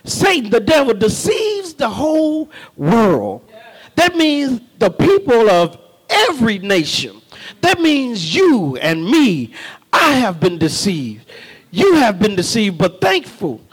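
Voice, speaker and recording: A man preaching a sermon, folksy and calling on the congregation, rising to shouts. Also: extremely high pitch, wildly swooping pitch, slow pace, husky. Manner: call-and-response, folksy, shouting at peaks.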